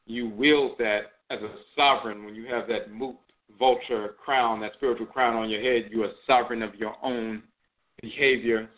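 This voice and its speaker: Man lecturing over a tinny phone-like line. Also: fairly low pitch. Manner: measured, repeats phrases and says "and so forth" often. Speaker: host and spiritual teacher. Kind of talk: spoken lecture on spiritual tradition.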